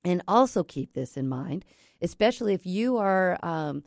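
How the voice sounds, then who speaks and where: A woman teaching negotiation in a chatty, rambling way, full of fillers and restarts. Her voice is low and gravelly. The recording is dry and close. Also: lively intonation, moderate pace, dry recording. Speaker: negotiation trainer. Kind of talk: casual instructional talk.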